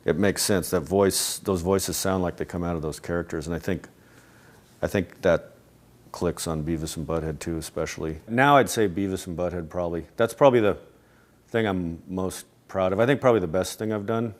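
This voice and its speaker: A middle-aged man in a casual interview at home, rambling with many restarts and soft chuckles. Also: low-pitched, a little fast. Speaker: interview guest, animator and voice actor.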